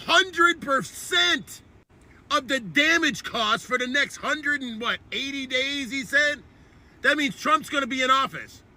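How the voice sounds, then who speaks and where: Heated and unrelenting, a man hosting his own commentary channel delivers a furious political rant laced with profanity. He has a strikingly high voice that's very bright and cutting.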